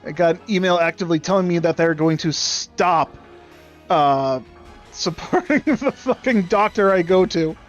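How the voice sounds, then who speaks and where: High-voiced sarcastic young man ranting. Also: lively intonation, normal speed, highs cut off, faint music behind. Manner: sarcastic, profane, rambling. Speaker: streamer. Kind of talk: casual rant while gaming.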